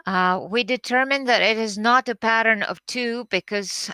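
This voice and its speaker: Woman teacher, slow careful lecture, bright clear voice, dry sound. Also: mid-range voice, no echo. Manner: careful, explanatory, with frequent fillers and restarts. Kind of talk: recorded lecture on poetry meter.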